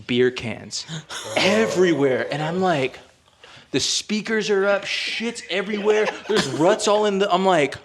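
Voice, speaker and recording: A young man, telling a story on a podcast in an animated way with lots of fillers, acting out quotes. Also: high-pitched, measured pace, noisy background. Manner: animated, heavy filler words, acts out quotes. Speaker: podcast co-host. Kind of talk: casual storytelling.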